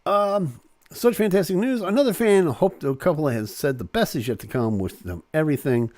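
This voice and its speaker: A man's voice: fairly high pitch, lively intonation, normal speed, a little mellow, dry recording. A man hosting a live online show, casually reading celebrity news aloud with playful jokes and asides.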